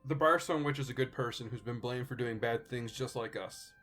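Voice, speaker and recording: A man's voice: mid-range voice, fairly quick, fairly bright tone, soft background music. A man playing a tabletop game, casually musing out of character. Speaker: player.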